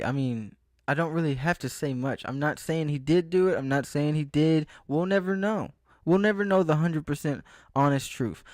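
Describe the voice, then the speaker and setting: A man's voice: fairly high pitch, darkish tone, no echo, clean studio sound. A young man rambling through a casual vlog monologue, often losing his train of thought and breaking off mid-sentence. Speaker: vlogger.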